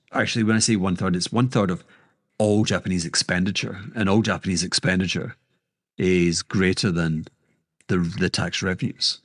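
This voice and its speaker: A man's voice: deep voice, dry recording, studio quality. A man with a Scottish accent hosting a casual monologue, rambling and interrupting himself, with sudden emphatic outbursts. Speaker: podcast host.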